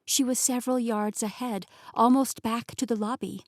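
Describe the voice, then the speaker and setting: Expressive woman narrating a novel. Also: fairly high pitch, normal speed, no room sound, clean studio sound. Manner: expressive, emotionally engaged storytelling. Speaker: audiobook narrator. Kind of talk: first-person fiction narration.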